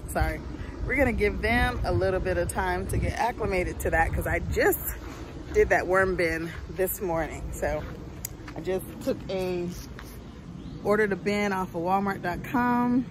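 A woman's voice: fairly low pitch, a little slow, noisy background. A woman chatting casually as she walks through her home garden outdoors, folksy and full of ums. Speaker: homestead vlogger.

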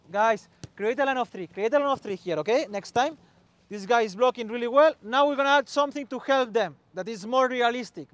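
High-voiced man coaching on a pitch. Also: a bit bright. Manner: short commands, calls out to players, mixes in Spanish. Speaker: football coach. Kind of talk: on-field coaching demonstration.

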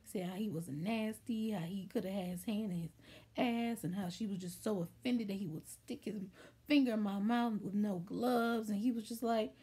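A woman hosting a casual storytime vlog, telling a story from her childhood. Her voice is mellow and a bit husky, and she slips into livelier voices to act out the people in the story. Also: mid-range voice, normal speed. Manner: chatty, animated, acts out voices in quotes.

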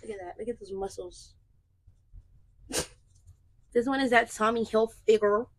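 A woman's voice: fairly high pitch, steady tone, unhurried, rough recording. A young woman chatting casually and playfully in a clothing try-on vlog, with joking asides. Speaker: vlogger.

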